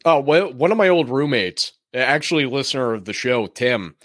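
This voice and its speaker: A man's voice: medium pitch, animated, moderate pace, fairly bright tone, no room sound, studio quality. A young man co-hosting a podcast, trading easygoing, teasing banter in casual chat. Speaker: podcast co-host.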